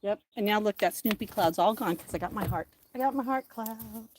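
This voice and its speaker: A middle-aged woman with a fairly high voice chats excitedly as she hosts a casual livestream outdoors. She talks straight to her viewers, speaking into a phone. Faint bird calls and outdoor noise sit behind her. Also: fairly quick, hardly any pauses. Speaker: livestream host.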